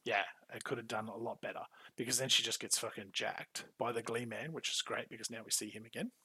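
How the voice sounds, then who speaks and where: A man's voice: mid-range voice, breathy edge, no room sound, rough recording. A man co-hosting a podcast recap, talking casually and animatedly, swearing freely and acting out characters' lines. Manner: animated, acts out characters' lines in quick bursts. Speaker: podcast co-host.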